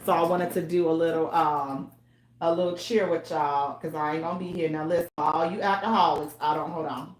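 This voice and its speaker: Loud, chatty woman radio host. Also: deep voice, fairly quick, slight background noise. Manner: chatty, loud and animated, with African American Vernacular English. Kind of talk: casual chat to listeners. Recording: roomy echo.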